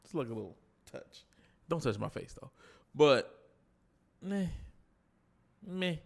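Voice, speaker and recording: A man co-hosting a casual podcast chat, telling a story with animated delivery and acting out the quotes. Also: medium pitch, moderate pace, gravelly. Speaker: podcast co-host.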